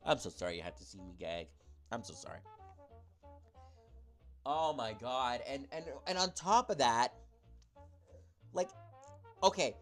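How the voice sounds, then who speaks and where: A man's voice: mid-range voice, expressive, a little slow, pauses often, fairly bright tone, faint music behind. Guy ranting into his camera at home, tons of ums and swears, voice jumping all over. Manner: rambling, filler-heavy, swearing. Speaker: YouTuber in a clip. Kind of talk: rambling rant to camera. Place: indoors at home, talking to a camera.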